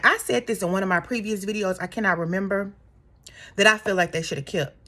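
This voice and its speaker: A woman's voice: fairly low pitch, sharp tone. A woman in her thirties giving a sassy, exasperated opinion rant straight to her viewers. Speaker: commentary vlogger.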